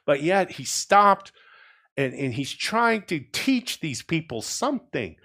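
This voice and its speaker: A man preaching an expository sermon in a conversational way, often checking in with "right?" and moving between soft, low passages and emphatic ones. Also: big pitch swings, takes it slowly. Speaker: pastor.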